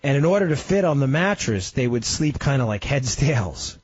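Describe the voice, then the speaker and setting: Husky, lively radio host man. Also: moderate pace, dry recording. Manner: emphatic storytelling with sudden pitch swings. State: slightly ill. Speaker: radio talk show host. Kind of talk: impassioned talk radio monologue. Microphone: studio microphone. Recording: dry, slightly dull radio studio audio.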